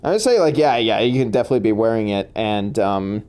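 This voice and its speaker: A man's voice: on the low side, lively intonation, fast, a little mellow, smooth. A man running a tabletop game as game master, laughing often and talking with many fillers and restarts.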